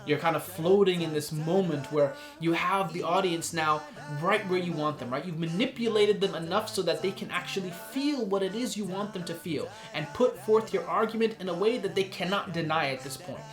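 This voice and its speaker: A man giving a casual lesson on performing poetry, animated and showing the delivery he describes. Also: high voice, roomy sound, music in the background. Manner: animated, demonstrates voices and pauses. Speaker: spoken word poetry teacher.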